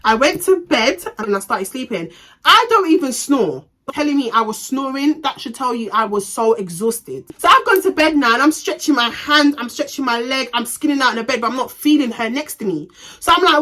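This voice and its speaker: Bright-voiced young woman telling a story. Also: sits high, moderate pace. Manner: animated, profane, slangy retelling. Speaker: vlogger. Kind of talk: casual storytime.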